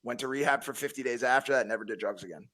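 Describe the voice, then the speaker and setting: A man in his thirties from Connecticut speaks with a bright, forceful edge. His storytelling is blunt and full of swearing, and he often restarts his sentences as he pushes through the story. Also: medium pitch, very fast. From Connecticut, USA. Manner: blunt, heavy swearing, frequent repeats. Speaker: podcast guest. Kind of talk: casual podcast storytelling.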